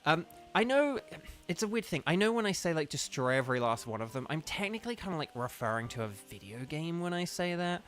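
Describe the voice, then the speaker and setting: A man's voice: sits high, expressive, fairly quick, a bit bright, soft background music. A man chatting casually on a game live stream, rambling from one tangent to the next and filling his talk with "like". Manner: rambling and digressive, heavy use of "like".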